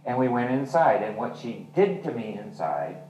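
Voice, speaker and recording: The speaker, an author and journalist, chats openly about his novel at a reading and acts out its dialogue, sounding very animated at a medium pitch with a darkish tone and moderate pace. The dull audio was captured from far off in a roomy literary hall, with faint noise.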